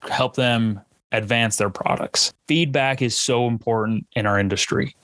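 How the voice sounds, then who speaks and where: A man's voice: medium pitch, fairly even intonation, a little slow, fairly bright tone, dry recording. A man hosting a podcast, chatting casually and enthusiastically with a guest. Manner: rambling, restarts, enthusiastic. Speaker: podcast host. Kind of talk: casual interview chat.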